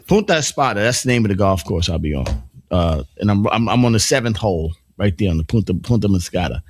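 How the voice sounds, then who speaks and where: A man's voice: fairly low pitch, animated, fast, darkish tone, slight background noise. Rambling, joking male morning show host. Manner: rambling, with many restarts and asides; playful, joking. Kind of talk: casual morning show banter.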